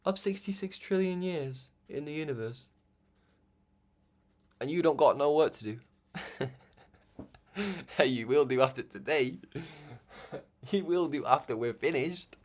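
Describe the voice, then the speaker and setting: Brief: man, everyday middle pitch, rambling spiritual broadcaster, chatty, laughs and restarts a lot. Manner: rambling, conversational, laughs often, restarts and stammers. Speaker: religious broadcaster. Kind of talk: informal spiritual talk.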